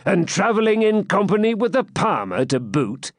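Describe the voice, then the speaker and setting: A man's voice: mid-range voice, sing-song, unhurried, slightly rough, no room sound, studio quality, pitched above the performer's own voice, full character voice. A man voicing a proud swineherd who talks in a haughty, grudging way. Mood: scornful. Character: proud surly male swineherd.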